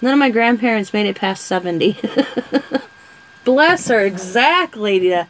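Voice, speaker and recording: A woman's voice: medium pitch, lively intonation, unhurried, fairly bright tone, poor audio. A woman vlogger chatting casually with viewers, telling rambling stories and answering comments. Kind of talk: casual live-stream chat.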